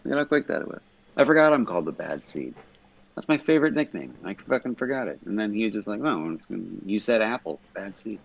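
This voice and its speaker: A man's voice: fairly low pitch, expressive, fast, gravelly, highs cut off, slight background noise. A man in casual podcast chat, stoned, rambling and swearing as he talks. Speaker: podcast guest.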